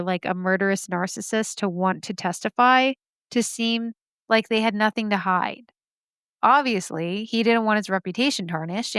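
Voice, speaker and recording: Smooth-voiced woman, sarcastic true-crime host. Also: medium pitch, a bit bright, no room sound. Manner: sarcastic, chatty asides. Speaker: podcast host. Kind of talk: casual true-crime storytelling.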